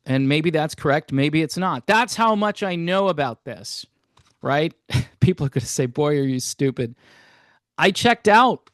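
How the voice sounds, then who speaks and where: A man's voice: on the high side, no echo, studio quality. A man hosting his own channel, giving a casual, rambling and self-deprecating album review in a folksy way.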